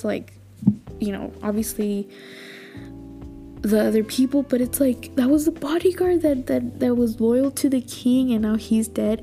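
Chatty woman podcaster with a gravelly voice. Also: fairly high pitch. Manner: chatty, animated, full of fillers and little outbursts. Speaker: podcast host. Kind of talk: casual drama recap.

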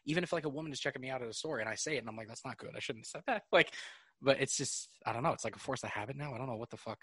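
A man with a New York accent, hosting a casual podcast chat, animated and laughing often. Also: medium pitch, racing, husky, no room sound, studio quality. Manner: animated, laughing, swearing freely. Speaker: podcast host.

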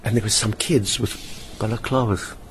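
This older satirist speaks at a normal speed in a fairly low voice, recounting theatrical stories as a guest in an interview. His delivery is lively and theatrical, and he imitates the people in his anecdotes as he goes. Faint room noise from the hotel lounge where they sit is audible in the recording.

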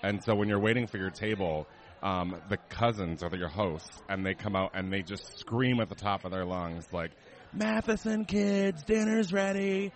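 Low-voiced, playful male co-host. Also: moderate pace. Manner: playful, self-mocking. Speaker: podcast co-host. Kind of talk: casual chat. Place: themed restaurant.

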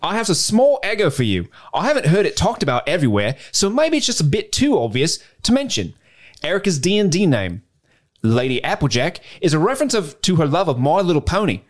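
Male podcaster doing a put-on Australian lady, lilting, higher than his own voice. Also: very animated, fairly quick. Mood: chirpy. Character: Australian woman listener reading her fan email.

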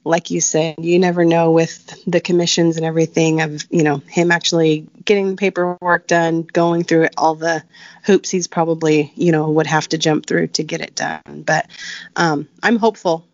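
A woman's voice: low voice, level tone, normal speed, dry recording, highs cut off. A woman co-hosting a podcast in casual chat, reading out listener questions in an easygoing, hesitant way and giggling now and then. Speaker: podcast co-host.

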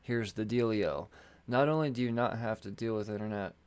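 A podcast host reads sponsor ads on his own, his lowish voice smooth and brisk. The read is loose and meandering, with swearing and fumbled words along the way.

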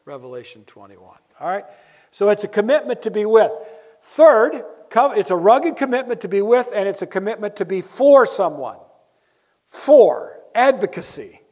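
A man's voice: high-pitched, very animated, moderate pace, a little mellow. A man preaching a sermon, emphatic and building his points through repetition, with wry asides to the audience. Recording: long hall reverb.

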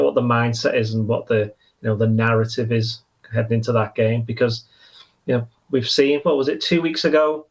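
Brief: male football reporter, average pitch, loose rambling podcast chat. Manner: rambling, self-correcting. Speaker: football journalist.

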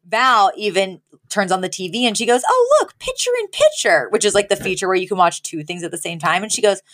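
A woman co-hosting a podcast, recapping a sitcom episode in casual chat and acting out the characters' lines. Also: fast talker. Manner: animated, acts out characters' lines with pitch jumps. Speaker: podcast co-host.

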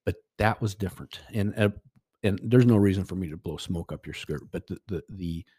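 A man's voice: sits low, a little fast, warm tone, breathy edge, no room sound, studio quality. A middle-aged man telling a personal story as a podcast guest, rambling with restarts and quoted dialogue. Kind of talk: casual storytelling.

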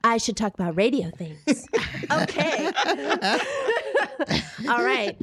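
A woman's voice: high-pitched, huge pitch swings, very slow, fairly bright tone. A woman guest-hosting a live comedy podcast in an art space, bubbly and teasing, laughing often. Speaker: guest host.

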